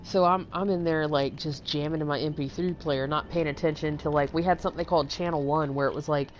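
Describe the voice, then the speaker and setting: A woman's voice: low voice, steady tone, quick pace, a little hiss or hum. A young woman from Texas hosting a livestream, telling long rambling stories with lots of fillers and swearing. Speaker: livestream host. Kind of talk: casual storytelling chat.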